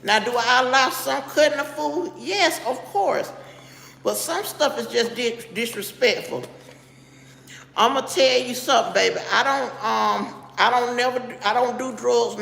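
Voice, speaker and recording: A middle-aged woman chatting on a live stream in a slightly high, gravelly voice. She is blunt and keeps breaking off to greet viewers by name. The room is echoey, with a long reverb tail. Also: a bit bright, slight background noise. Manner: blunt and straight-talking. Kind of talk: casual live-stream chat.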